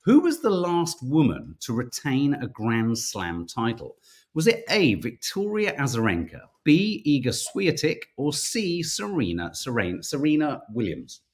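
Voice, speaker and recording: A man's voice: mid-range voice, huge pitch swings, a little slow. A chatty man from the United Kingdom hosting a casual live-stream quiz. His voice swings widely up and down as he reads out questions and laughs at his own slips over names. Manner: chatty, self-mocking, stumbles over names. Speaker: podcast co-host running a viewer quiz.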